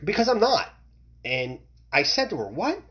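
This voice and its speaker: A man's voice: on the high side, sing-song, moderate pace, a bit bright. A middle-aged man from the United States hosting a solo podcast, ranting in a heated, profane way with many restarts and repeated words. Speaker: podcast host. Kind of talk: opinionated solo podcast rant.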